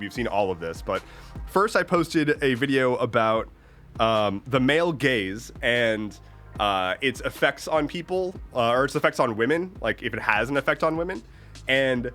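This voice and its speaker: A young man with a deep voice hosts a livestream, chatting about how he's recovering from being sick. He rambles and restarts sentences often, and his pitch swings widely as he talks. Faint music plays underneath. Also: a bit bright. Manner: rambling, self-interrupting, lots of "like" and restarts. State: getting over an illness, slight cough. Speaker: livestream host. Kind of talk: casual chat reading viewer comments.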